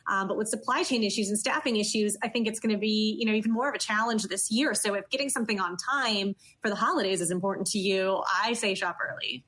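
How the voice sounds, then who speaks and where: A woman guest who gives a shopping expert's answers in an interview, measured and with frequent fillers. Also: medium pitch, fairly bright tone.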